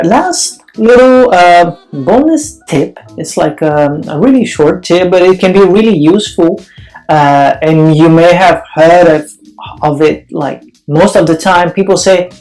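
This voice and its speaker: A young man from Paris with a Parisian French accent, giving a relaxed, chatty French lesson to camera. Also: high-pitched, a little slow, soft background music, low-quality recording. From France. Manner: relaxed and chatty, with many fillers. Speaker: French teacher. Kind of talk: casual language lesson to camera.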